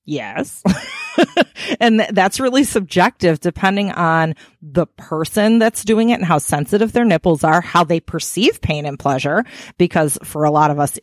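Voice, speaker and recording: A woman hosting a podcast in casual talk, frank and playful as she explains things. Her voice sits on the lower side and sounds dry and close to the mic, with no room around it. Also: no room sound. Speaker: podcast host.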